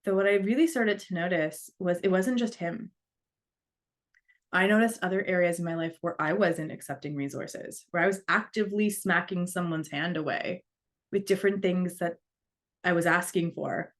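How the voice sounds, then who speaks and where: A woman's voice: fairly low pitch, normal speed. A woman giving a storytelling talk, earnest, acting out the voices of the people she quotes. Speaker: speaker.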